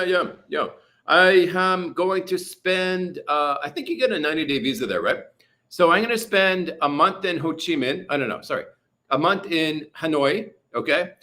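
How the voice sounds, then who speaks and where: A man's voice: a little high, a bit bright. A man from Canada chatting casually on a livestream, reading viewer comments and rambling with many fillers. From British Columbia, Canada. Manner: chatty, rambling, lots of "you know" and "uh". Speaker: livestream host. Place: hot room at home with a fan.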